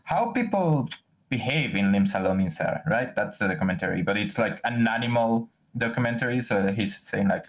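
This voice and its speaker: A man's voice: on the low side, animated, normal speed, low-quality recording. A man co-hosting a podcast in casual chat, rambling with many restarts. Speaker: podcast co-host.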